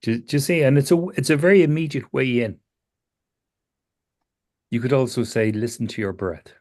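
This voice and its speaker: A man working as a psychotherapist, talking a client through self-awareness in a calm, questioning way that repeats phrases. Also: mid-range voice, normal speed. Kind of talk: therapy session conversation.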